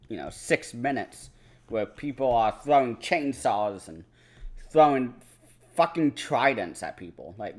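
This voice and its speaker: A young man chatting casually about films on a movie-marathon vlog, rambling and swearing freely. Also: lowish voice. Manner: rambling, profane, lots of "like" and "you know". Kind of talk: casual movie review chat.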